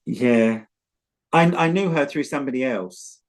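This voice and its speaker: A man's voice: medium pitch, expressive, a little slow. Chatty British man, blunt storyteller. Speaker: tarot reader guest. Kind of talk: casual chat and tarot reading.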